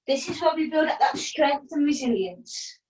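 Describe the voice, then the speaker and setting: A woman's voice: high-pitched, moderate pace. Woman leading a yoga class. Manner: calm breath cues with playful asides. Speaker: yoga instructor. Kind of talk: guided yoga class cues. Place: at home, partner downstairs. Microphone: video call. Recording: roomy, distant from the mic.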